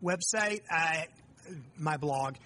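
A guest author in his forties from the United States tells candid fatherhood stories in casual conversation, swearing often. His voice is fairly high, pushed and bright, and he takes his time.

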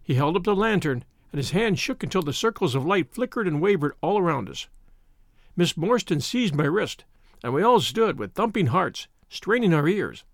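A man narrating a story in an expressive, dramatic reading. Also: high-pitched, normal speed, no room sound, clean studio sound. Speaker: audiobook narrator. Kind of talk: scripted narration.

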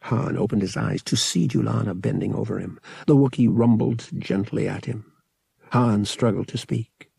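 Expressive male audiobook narrator, gravelly. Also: on the low side, moderate pace, dry recording. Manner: expressive, dramatic storytelling. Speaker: audiobook reader.

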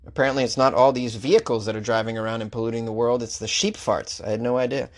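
A man's voice: mid-range voice, fairly even intonation, quick pace, hardly any pauses. A man who hosts a comedy news podcast, reading odd stories and ranting about them with sarcastic mock outrage. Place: Los Angeles.

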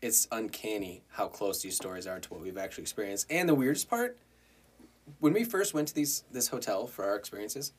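Young colorado guy hosting a podcast, husky voice kinda low, crude jokey banter. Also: lively intonation, brisk. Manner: crude, joking, loud outbursts. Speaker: podcast host.

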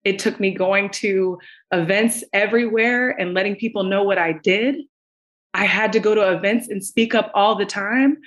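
A woman guest on a podcast, telling her story in an expressive way and talking straight to the listeners. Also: mid-range voice, normal speed, rough recording. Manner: expressive, acts out quoted voices, addresses listeners directly. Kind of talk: animated storytelling.

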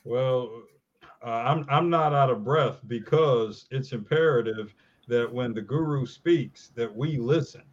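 A calm man co-hosting a sports show, giving playful thanks to the analyst. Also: medium pitch, measured pace, highs cut off. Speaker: co-host. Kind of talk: casual sports talk.

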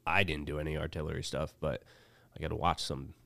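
A man, telling a story as a guest in a casual chat, animated and swearing freely as he acts out the dialogue. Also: extremely low pitch, fairly quick, gravelly, dry recording. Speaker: podcast guest.

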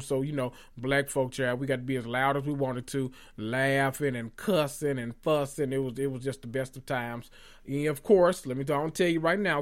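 A man hosting a podcast, gossiping about reality TV in an animated, sassy and profane way, talking straight to his listeners. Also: medium pitch. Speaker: podcast host. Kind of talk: casual reality TV gossip monologue.

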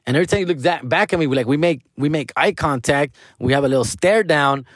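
Young comic, slightly high voice, slangy and profane, code-switching, dry room. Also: quick pace, no room sound. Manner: profane slangy street talk with Spanish words. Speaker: comedian telling a story. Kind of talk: casual storytelling.

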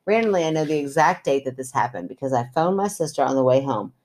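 A woman in her thirties from Kentucky, co-hosting a podcast in casual chat, teasing, blunt and quick to laugh. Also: extremely low pitch, expressive, darkish tone. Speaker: podcast co-host.

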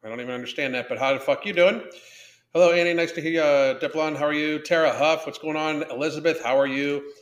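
A man's voice: on the high side, steady tone, fast talker. A man hosting a live podcast, chatting casually in a profane, blunt, rambling way. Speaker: podcast host. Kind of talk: casual livestream chat. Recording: roomy echo.

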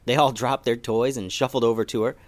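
A man's voice: medium pitch, a little fast. A man reading a children's bedtime story aloud as the host of a kids' story podcast. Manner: gentle, expressive, storytelling.

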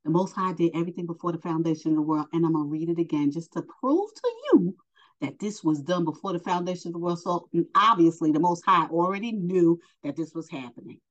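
A woman's voice: fairly low pitch, animated, quick pace, lo-fi sound. A woman teaching a Bible lesson, reading scripture aloud and stopping to explain it in casual asides.

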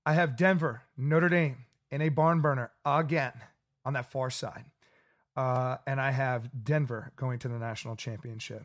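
A man hosts a casual sports podcast at an average pitch. His talk is loose and chatty. He sounds relaxed as he walks through his bracket picks. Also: normal speed. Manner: loose and chatty, with laughs and acted-out quotes. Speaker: podcast co-host.

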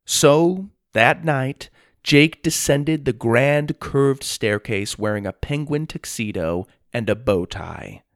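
A man narrating a children's story in an animated, expressive way. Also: mid-range voice, slow, no echo, clean studio sound.

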